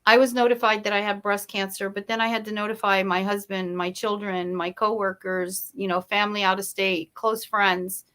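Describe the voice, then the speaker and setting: A woman's voice: mid-range voice, level tone, moderate pace, few pauses, pushed and bright. A woman speaking as a guest in a motivational interview, emphatic and storytelling. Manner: emphatic, storytelling, shifts pace for effect.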